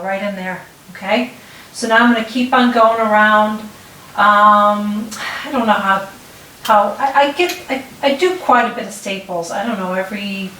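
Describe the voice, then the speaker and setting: A woman's voice: medium pitch, bright, forceful tone. Chatty middle-aged woman, roomy distant sound. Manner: chatty, talks while working, frequent restarts and "okay?" check-ins. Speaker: DIY tutorial host. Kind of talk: casual step-by-step demonstration. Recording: roomy, distant mic with faint noise.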